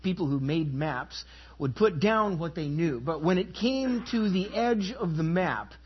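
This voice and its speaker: A pastor delivering an emphatic sermon, asking the congregation rhetorical questions and inviting them to respond. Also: male voice, a little high, animated, a little slow, breathy edge, highs cut off.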